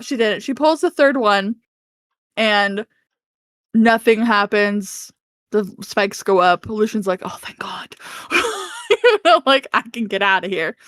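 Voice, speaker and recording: A woman co-hosting a podcast, casually recapping a fantasy novel with animated storytelling, frequent laughs and playful swearing. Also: a little high, no echo, studio quality. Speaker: podcast co-host.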